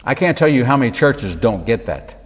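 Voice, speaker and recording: A rabbi teaching the Bible in sermon style, with animated delivery, repeated phrases for emphasis and humorous asides. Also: male voice, medium pitch, fairly quick, in a large hall.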